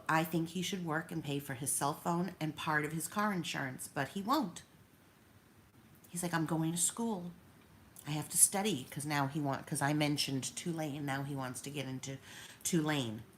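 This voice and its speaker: A woman's voice: low-pitched, steady tone, normal speed, fairly bright tone, a little hiss or hum. A woman in her fifties venting in a personal vlog, rambling and hurt as she talks through her troubles. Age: 50s. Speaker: vlogger.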